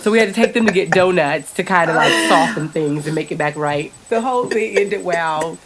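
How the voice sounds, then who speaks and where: A woman co-hosting a podcast, telling a family story in a lively, laughing way. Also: on the low side, a little fast, a crowd in the background. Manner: animated storyteller, laughs often. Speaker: podcast co-host. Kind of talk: casual storytelling chat.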